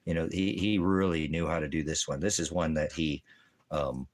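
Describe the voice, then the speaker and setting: A man vlogging in casual chat, rambling and repeating himself with halting restarts. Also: extremely low pitch, fairly even intonation.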